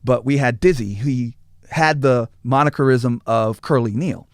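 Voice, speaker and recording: A man with a mid-range voice, a former tour manager, is a guest in a casual interview, telling stories at a measured pace. He's animated, acting out quotes and stammering through restarts, and the clean studio recording has no echo.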